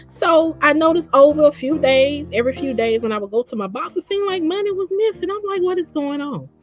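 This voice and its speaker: A woman with a high voice talks briskly over soft background music, animatedly recounting her own story in casual conversation. She repeats phrases and quotes her own lines of dialogue.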